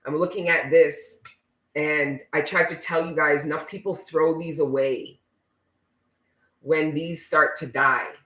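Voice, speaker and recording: A man's voice: a little high, steady tone, measured pace, bright, forceful tone. A man giving a casual spiritual tarot reading to his viewers, talking in an emphatic, preachy way and swearing freely. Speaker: tarot reader. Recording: roomy echo.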